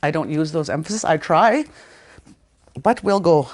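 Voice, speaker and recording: A woman teaching a language lesson in a casual way, repeating words slowly and stressing them strongly. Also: low-pitched, lively intonation. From Canada.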